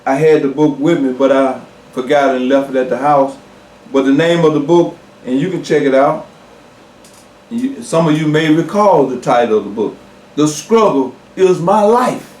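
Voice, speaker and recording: A man preaching a sermon, slow and emphatic, repeating key words and pausing with fillers. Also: medium pitch, darkish tone, echoey room, recorded from a distance.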